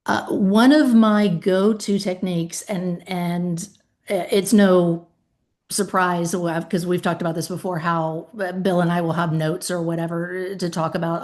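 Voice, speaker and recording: A woman's voice: on the low side, fairly even intonation, a little slow, darkish tone. A woman hosting a podcast in casual conversation, speaking emphatically and acting out calls with claimants. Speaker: podcast host and author.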